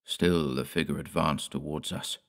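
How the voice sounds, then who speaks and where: Deep-voiced male horror storyteller. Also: steady tone, a bit bright. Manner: measured, deliberate storytelling. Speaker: audiobook narrator. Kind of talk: scripted narration of a gothic horror tale.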